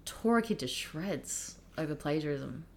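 A woman's voice: sits low, expressive, a little slow, a little mellow, slight background noise. A woman, a teacher chatting casually and earnestly, with hesitant restarts. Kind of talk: casual chat.

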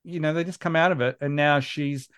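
Animated man, casual podcast chat. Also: fairly high pitch, fairly quick, clean tone. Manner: animated storytelling, mimics kids in quotes. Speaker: podcast host.

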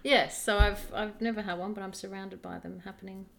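A woman's voice: mid-range voice, steady tone, brisk, creaky, fairly bright tone, a little hiss or hum. A woman co-hosting a casual podcast chat, rambling and restarting as she tells stories. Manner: rambling, restarts often, plain storytelling. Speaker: podcast co-host.

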